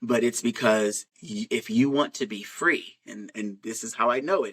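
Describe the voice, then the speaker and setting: A man's voice: on the low side, normal speed, hardly any pauses, a bit bright, breathy edge, low-quality recording. A man telling a personal story in a frank, rambling way, with many fillers and restarts.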